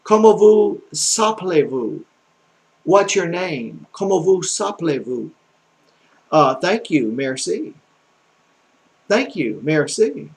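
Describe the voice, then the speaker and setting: A man from the American South with a country accent, teaching basic French phrases in a slow, halting way full of pauses and repeats. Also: high-pitched, big pitch swings, darkish tone. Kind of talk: casual home video lesson.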